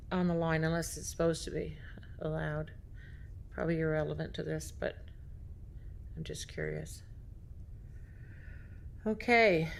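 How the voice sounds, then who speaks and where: A woman's voice: lowish voice, vocal fry. A woman councillor asking questions at a council meeting, hesitant and restarting her sentences. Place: council chamber.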